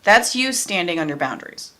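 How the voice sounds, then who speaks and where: A woman's voice: lowish voice, sing-song, brisk, sharp tone. A woman doing a casual tarot card reading, chatty and blunt, who often repeats her phrases and swears freely. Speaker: tarot reader.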